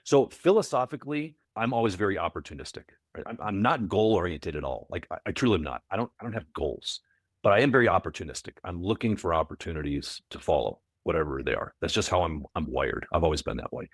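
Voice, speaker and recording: A man who coaches property managers, a podcast guest telling stories in a casual interview, animated and often repeating words as he restarts. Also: sits low, fast, no room sound, clean studio sound. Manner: animated, repeats words, acts out quoted voices.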